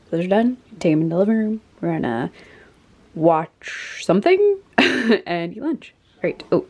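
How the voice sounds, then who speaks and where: A woman's voice: mid-range voice, sing-song, slow pace, long pauses, a little mellow, breathy edge. A young woman chatting casually about her reading at home while cooking lunch, with many fillers and frequent laughs. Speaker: book vlogger. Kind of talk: casual reading vlog chat.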